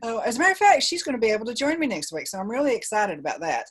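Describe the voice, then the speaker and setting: Husky-voiced woman podcast host. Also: a little high, sing-song, rapid-fire. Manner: chatty, reads listener comments aloud. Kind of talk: casual interview hosting.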